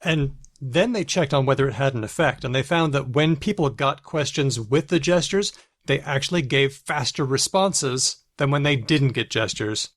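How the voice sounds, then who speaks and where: A man's voice: mid-range voice, normal speed, a bit bright, no echo. Guy co-host walking thru a study, dry close sound, mid voice. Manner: explanatory, discusses research studies. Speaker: podcast co-host. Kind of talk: casual chat. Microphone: video call.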